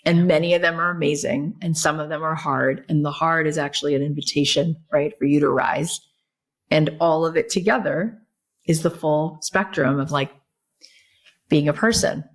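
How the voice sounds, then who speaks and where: A woman guest on a podcast, telling stories in a lively, chatty way, full of "like" and "right?". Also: sits low, moderate pace. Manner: animated storyteller, many fillers like "like" and "right?". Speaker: guest, author and podcast host. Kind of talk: casual podcast conversation.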